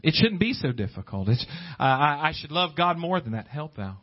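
A man preaches a sermon with a somewhat high voice. He swings from ringing, pleading exclamations down to quiet, hushed asides. The recording sounds dull and lo-fi. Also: sing-song, moderate pace.

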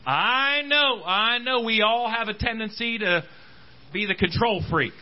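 A man's voice: high voice, unhurried, dull audio. A man preaching a sermon at a church service, calling out to the congregation. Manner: animated preaching, calls out to congregation. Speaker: pastor.

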